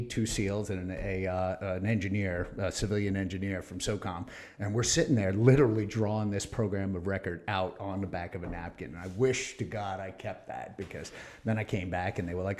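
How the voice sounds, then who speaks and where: Lively middle-aged man telling stories. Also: low voice, fairly quick. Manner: animated storyteller, acts out quoted voices, laughs often. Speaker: podcast guest. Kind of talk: casual storytelling chat.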